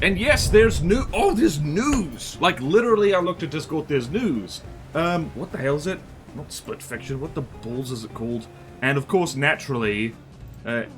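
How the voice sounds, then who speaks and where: A man streaming a game live, chatting casually and reading chat, yelping and rambling excitably. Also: mid-range voice.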